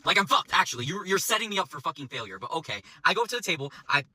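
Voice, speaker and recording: Guy server venting his shift, talks super fast, bright edgy voice, swears constantly. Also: sits high, very animated, low-quality recording. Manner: profane, exasperated ranting. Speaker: restaurant server. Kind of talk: casual storytime rant.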